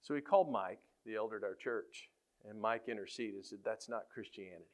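A middle-aged man, a high school football coach, giving a faith-based storytelling talk in an animated way. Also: a little fast. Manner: animated, gets loud when acting out quotes.

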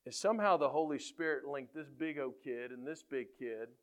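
A middle-aged man, a high school football coach, giving a faith-based storytelling talk in an animated way. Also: normal speed. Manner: animated, gets loud when acting out quotes.

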